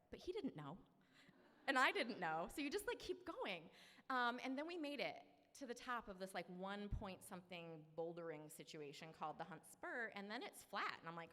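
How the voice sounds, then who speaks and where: A woman's voice: medium pitch, animated, moderate pace, bright, forceful tone, in a large hall. A woman in her thirties from Maine, telling a personal story to a live audience in a chatty, self-deprecating way. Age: 30s. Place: live event venue.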